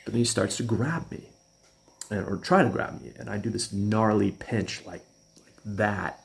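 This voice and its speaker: A man's voice: on the low side, moderate pace, gravelly. A man casually telling a personal story, rambling and chuckling as he goes. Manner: rambling, chuckling, restarts often.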